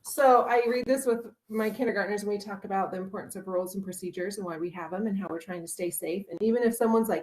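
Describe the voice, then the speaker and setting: A woman who teaches kindergarten retells a picture book with animated energy. She fills her speech with "like" as she talks. Her voice sits in a middle pitch over a video call. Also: fast talker, low-quality recording. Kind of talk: casual sharing in a class discussion.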